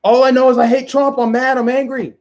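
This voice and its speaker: A man's voice: extremely high pitch, level tone, fairly quick, a little mellow, voice pushed up. A man putting on the voice of a whiny, outraged adult as a mocking caricature. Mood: mock outrage.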